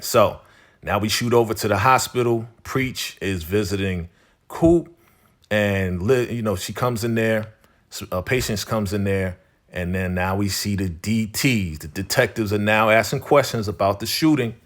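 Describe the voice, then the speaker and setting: A man's voice: lowish voice, moderate pace, fairly bright tone. A man hosting a TV episode recap in casual spoken narration, conversational and repetitive, leaning on "you know" as he goes. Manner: conversational, repeats phrases, leans on "you know".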